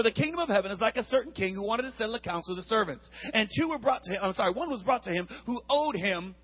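A man preaching a lively, humorous sermon, acting out the Bible characters and swinging between shouts and hushed asides. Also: high-pitched, slightly rough, muffled recording.

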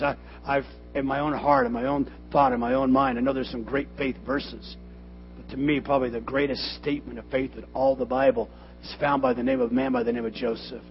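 Animated preacher with loud bursts. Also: male voice, mid-range voice, a little hiss or hum. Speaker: pastor. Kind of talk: sermon. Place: church. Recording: dull lo-fi sermon recording with faint music.

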